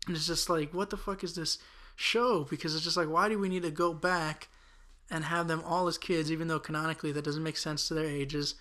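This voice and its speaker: Bright-voiced young man ranting profanely. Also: fairly high pitch, fairly even intonation, brisk. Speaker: podcast co-host. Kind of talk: casual podcast chat. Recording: audio-only podcast.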